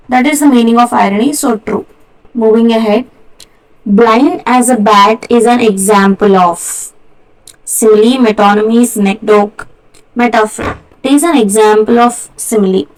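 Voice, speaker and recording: A young woman with an Indian English accent explains exam answers one by one. Her voice sits a little high. She keeps a steady teaching rhythm and draws out the important words. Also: rough recording. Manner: steady explanatory, slows to spell out key words. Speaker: tutor. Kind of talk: exam solution walkthrough.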